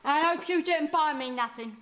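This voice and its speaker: A woman's voice: high-pitched, moderate pace, fairly bright tone. A woman playing a two-faced old grandmother with a London Cockney accent, sweet to people's faces and swearing behind their backs. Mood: guilt-tripping. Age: older. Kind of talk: sitcom sketch acting.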